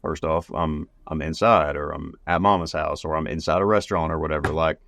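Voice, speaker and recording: A man's voice: rumbling low, steady tone, brisk, creaky, fairly bright tone, no echo, clean studio sound. A man hosting a podcast, talking in a laid-back way, swearing freely and voicing the quotes. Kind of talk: casual podcast chat.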